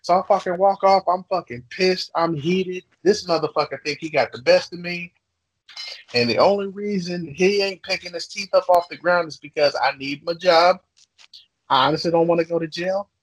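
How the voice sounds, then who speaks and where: A man's voice: sits high, moderate pace, dry recording, low-quality recording. A man co-hosting a podcast, telling a heated story full of swearing and acting out what people said. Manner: heated, swearing, acts out quotes. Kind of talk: profane storytelling.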